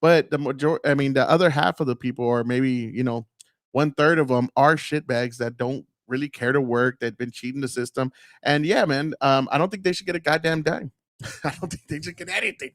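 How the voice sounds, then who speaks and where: Male host, casual commentary, blunt and cussing, mid-pitched, dry mic. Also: fairly quick, dry recording. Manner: blunt, profane, rambling with many fillers.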